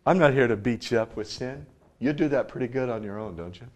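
A man preaching a sermon and leading prayer, dropping to a hush and then rising loud to coax the congregation. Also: medium pitch, measured pace, long pauses. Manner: swings from hushed to loud, coaxing the congregation. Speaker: pastor. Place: church service in front of a congregation.

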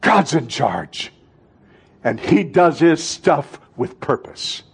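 A man in his sixties preaching a sermon to a congregation in a church, impassioned, swinging between fervent outbursts and hushed, intimate moments. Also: on the high side, sing-song, slow pace, husky. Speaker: pastor.

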